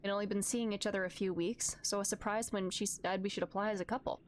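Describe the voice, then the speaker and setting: A tender, slightly tired farmer father who reminisces and teases his child kindly, voiced by a woman reading game text aloud. The voice sits a bit lower and calmer than her normal talk. A faint ambient hum runs underneath. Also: fast talker, lightly acted. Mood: reminiscing. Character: gentle middle-aged farmer dad, tender.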